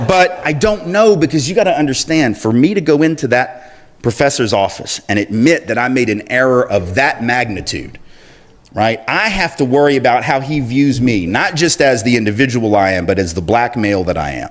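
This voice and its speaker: A middle-aged man giving a talk, telling a personal story in an animated way and laughing as he goes. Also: mid-range voice, brisk. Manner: animated, laughing through anecdotes. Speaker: speaker.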